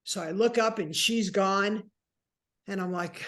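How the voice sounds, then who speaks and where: A woman in her sixties, a guest telling a personal story with animated, acted-out dialogue. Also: medium pitch, measured pace. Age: 60s. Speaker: interview guest.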